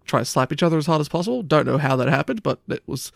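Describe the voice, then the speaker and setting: Man, casual storyteller, swears a lot, quick talker, gravelly. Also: on the high side, lively intonation, no echo, clean studio sound. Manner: rambling anecdote, frequent swearing and "like". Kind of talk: casual chat.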